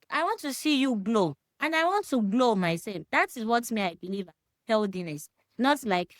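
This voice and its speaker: A woman's voice: a little high, normal speed, no echo. Emphatic Nigerian woman, dry close voice. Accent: Nigerian, Yoruba. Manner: emphatic, animated, talks straight to the listener; mixes Yoruba phrases into English. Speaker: podcast discussion guest. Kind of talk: casual faith-centred discussion.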